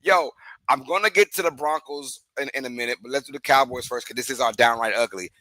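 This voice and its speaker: A man co-hosting a casual sports podcast, animated and laughing, sometimes rising to shouts when riled up. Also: medium pitch, fast talker, dry recording. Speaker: podcast co-host.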